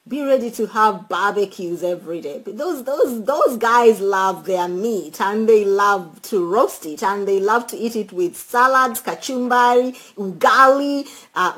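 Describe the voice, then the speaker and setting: A chatty woman talks through travel tips in a loose, animated way. Her voice sits a little high for a woman. She laughs often and speaks straight to her viewers as if they were friends. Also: rough recording. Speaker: travel vlogger. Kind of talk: casual travel tips chat.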